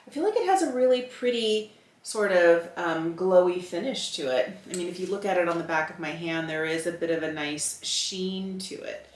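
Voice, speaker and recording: A woman in her fifties talks through a makeup review in a candid, chatty way, musing aloud as she goes. Her voice sits fairly low for a woman. The room gives it a noticeable echo. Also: moderate pace, a little hiss or hum. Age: 50s. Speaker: beauty vlogger. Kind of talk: casual product review while applying makeup. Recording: roomy echo.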